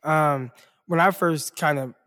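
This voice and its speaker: A man's voice: fairly high pitch, takes it slowly, a bit bright. A man co-hosting a sports podcast in casual chat, talking loosely with lots of fillers and slang. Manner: loose and rambling, heavy on "like" and "bro".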